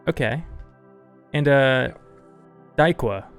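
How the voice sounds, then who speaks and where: A host of a casual streamed question-and-answer show, chatty and relaxed, laughing easily while reading out audience questions. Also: mid-range voice, takes it slowly, smooth, faint music behind.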